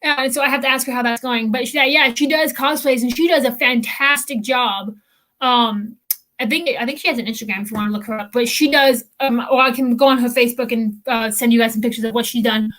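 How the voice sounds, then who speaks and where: Young woman chatting on a podcast, kinda high voice, lots of ums and restarts. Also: fairly even intonation, quick pace, fairly bright tone. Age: young adult. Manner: rambling, many fillers and restarts. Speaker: podcast co-host. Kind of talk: casual chat.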